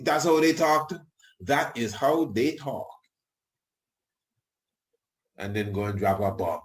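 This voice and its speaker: A man hosts a radio show with a mid-range, animated voice, taking his time and pausing often. His talk is casual and rambling, full of colloquial tag questions and chuckling asides.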